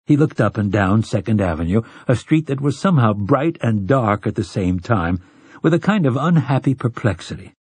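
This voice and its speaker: A man narrating an audiobook in a measured, even storytelling manner, with a husky voice. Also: mid-range voice, no echo. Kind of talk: scripted narration.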